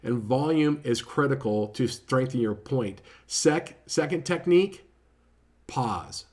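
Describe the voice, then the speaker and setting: A man talks through a book review in a loose, conversational way, restarting phrases and checking in with his listeners. His voice sits at an ordinary middle pitch and often drops quiet, and he moves along at a quick clip. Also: expressive. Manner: informal, self-correcting, lots of "right?" tags; says he often speaks too quietly and too fast. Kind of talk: casual spoken book review.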